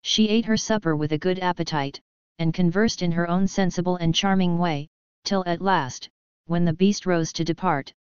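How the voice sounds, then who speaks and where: A woman reads a fairy tale aloud in an even, measured manner. Her voice is low and very clear, recorded dry and close with a dull, lo-fi sound. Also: no echo. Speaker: audiobook narrator. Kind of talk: storybook narration.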